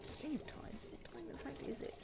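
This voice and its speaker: A woman's voice: fairly quick, very noisy. A woman, chatting and rambling to herself as she plays a game on a live stream. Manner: chatty, rambling self-talk while playing.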